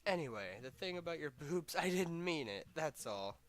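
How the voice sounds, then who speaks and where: A man's voice: fairly high pitch, lively intonation, normal speed, a bit bright. A man reading the lines of a short, bratty teenage girl, sounding snippy and defensive.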